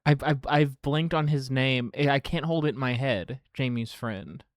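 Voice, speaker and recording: A woman streamer chatting casually, rambling with halting restarts at a desk microphone. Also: extremely low pitch, no echo.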